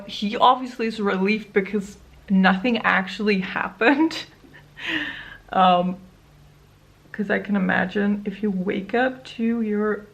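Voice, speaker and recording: A young woman talking through a get-ready-with-me video at an unhurried, drawn-out pace. Her voice has a gravelly, fry-edged texture, and she tells her stories candidly, wandering along with little laughs. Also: medium pitch, lo-fi sound. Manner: rambling, candid storytelling with small laughs. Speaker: beauty vlogger. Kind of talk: casual get-ready-with-me chat.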